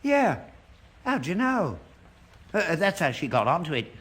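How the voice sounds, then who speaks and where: A man's voice: fairly high pitch, big pitch swings, normal speed, fairly bright tone. An actor playing a gullible elderly father who talks earnestly about seances, in a broadcast sitcom. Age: older. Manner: earnest, credulous, indignant.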